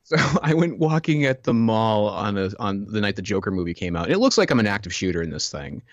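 A man's voice: fairly low pitch, big pitch swings, brisk, no echo, highs cut off. A man chatting casually, telling stories with lots of filler words and laughs. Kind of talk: casual chat.

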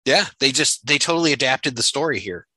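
A man's voice: medium pitch, brisk, no room sound, low-quality recording. A man hosting a casual chat, recapping a comic story step by step. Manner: steady recap with frequent fillers.

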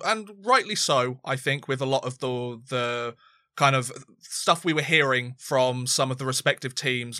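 Man, podcast co-host, rambling sports chat, bright voice, dry close sound. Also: mid-range voice, no room sound. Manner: rambling, many restarts and fillers. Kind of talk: casual sports discussion.

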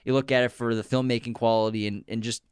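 A man chatting casually as co-host of a film podcast, laughing easily and tossing in quoted lines. His voice sits at an ordinary middle pitch, recorded dry and close. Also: level tone, quick pace, smooth, no echo. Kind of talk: casual chat about films.

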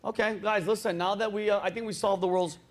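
A middle-aged man hosts a podcast, spinning stories in a relaxed, chatty way and cursing freely as an animated storyteller. His voice is high and he talks fast.

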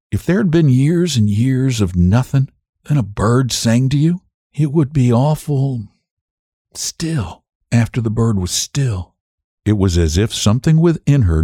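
A man reading a literary story aloud in a measured, expressive way. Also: medium pitch, no room sound, studio quality. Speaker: narrator.

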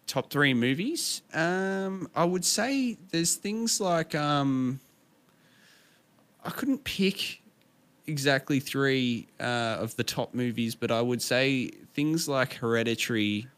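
A man's voice: mid-range voice, lively intonation, slow pace, fairly bright tone, clear, resonant tone. A man with an Australian accent, a guest in a casual interview, talking hesitantly with many ums and restarts.

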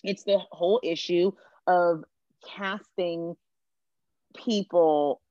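A woman's voice: fairly low pitch, steady tone, slow pace, warm tone, no echo, muffled recording. A woman hosting a podcast, talking earnestly in long winding sentences in casual pop culture chat. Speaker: podcast host.

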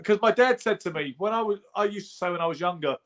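A man's voice: high-pitched, fast. A British man co-hosting a podcast, arguing his point in a casual, emphatic debate. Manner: argumentative, emphatic. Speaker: podcast co-host.

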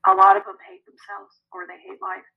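A woman who works as an energy healer, answering podcast interview questions in a chatty, animated way. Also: medium pitch, brisk, creaky, slightly rough, highs cut off. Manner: animated, conversational, laughs often.

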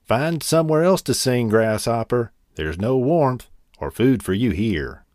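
A diligent little ant, as a man reading a storybook puts him on, firm and matter-of-fact. He speaks slowly with a lively rise and fall. The voice sounds close and dry. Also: mid-range voice, no echo, close to an everyday voice. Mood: stern. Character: hardworking male ant, earnest and stern.

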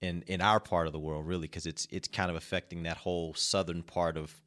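A man's voice: sits low, level tone, a little fast, a bit bright. A man hosting a casual sports talk show, easygoing and teasing his co-hosts. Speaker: podcast host.

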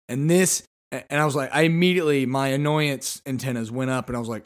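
A man's voice: medium pitch, fairly quick, few pauses. A man hosting a podcast, telling a story in a casual monologue with sarcastic, exasperated humor. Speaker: podcast host.

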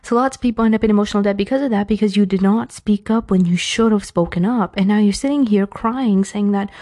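New York-accented woman, frank chatty advice talker with self-aware humor, mellow tone, medium pitch. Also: fast talker. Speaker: advice speaker. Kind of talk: casual Islamic advice talk.

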